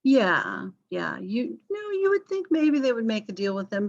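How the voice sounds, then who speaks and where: A woman's voice: on the high side, big pitch swings, moderate pace, vocal fry, hardly any pauses. Woman history instructor, casual lecture over video call, filler-heavy, slightly dull audio. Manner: conversational, apologetic asides, frequent fillers. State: coughing, yawning. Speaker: history teacher. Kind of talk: online class lecture.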